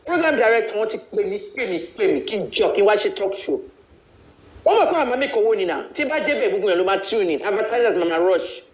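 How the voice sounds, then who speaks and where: A man's voice: high-pitched, big pitch swings, rapid-fire. A man from Nigeria hosting a live video, ranting in a blunt, boastful way and switching freely between languages. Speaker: live-stream host. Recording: echoey, dull live-stream audio.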